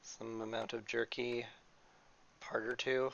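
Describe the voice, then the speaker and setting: A man's voice: medium pitch, level tone, slow, gravelly, fairly bright tone, dull audio, slight background noise. A man casually commenting on his gameplay as he plays, talking to himself and to the game with mock rants. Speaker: gameplay streamer.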